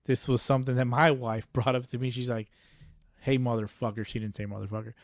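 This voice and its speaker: A man's voice: mid-range voice, level tone, a little fast, no echo, clean studio sound. A man hosting a solo podcast in a casual, rambling rant, profane and laughing often, a little tipsy. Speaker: podcast host.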